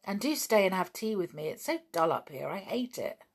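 A woman voicing a sullen teenage boy artist in a storybook reading, quiet and bitter. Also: mid-range voice, big pitch swings, brisk.

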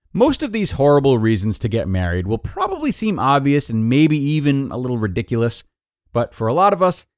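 A man hosting a podcast, reading a blog post aloud in a lively, expressive way. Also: fairly low pitch, no echo, clean studio sound. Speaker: podcast host and narrator.

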